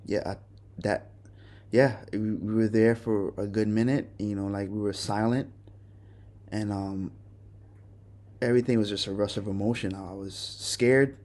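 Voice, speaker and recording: Guy hosting a podcast, deeper voice, stops and restarts a lot, sounds really sorry. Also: steady tone, darkish tone. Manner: halting, restarts, raw and remorseful. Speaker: podcast host. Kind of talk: personal confession monologue.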